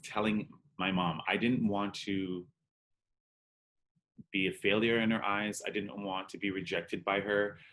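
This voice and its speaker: A man with a fairly low voice recounts a personal story in an interview. He speaks candidly and with feeling, acting out the dialogue as he goes. His speech is full of "like" and quick asides. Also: level tone, a bit bright. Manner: candid and emotional, acts out dialogue, peppered with "like". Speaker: drag performer and interview guest.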